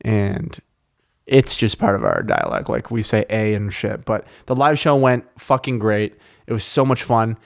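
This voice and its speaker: A Canadian man hosting a podcast in casual chat, rambling and excitable, with heavy swearing. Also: lowish voice, measured pace, creaky. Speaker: podcast host.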